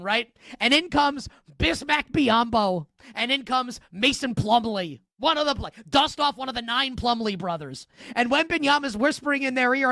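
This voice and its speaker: A woman's voice: high-pitched, bright, forceful tone, no echo, studio quality. A woman hosting a sports talk radio show, giving opinionated, sarcastic, emphatic commentary. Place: radio studio.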